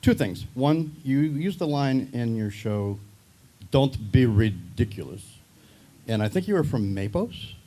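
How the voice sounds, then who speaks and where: A man's voice: mid-range voice, expressive, moderate pace, hardly any pauses, dark tone. A man from upstate New York asking an eager, rambling question from the audience at a convention panel.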